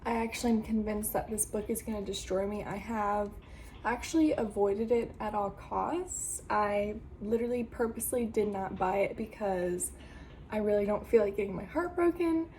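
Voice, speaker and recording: A woman's voice: medium pitch, moderate pace, darkish tone, a little hiss or hum, low-quality recording. A young woman talking to camera about books in a chatty, dramatic, self-mocking way. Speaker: book vlogger. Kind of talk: casual vlog to camera. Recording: background music under voice. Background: music.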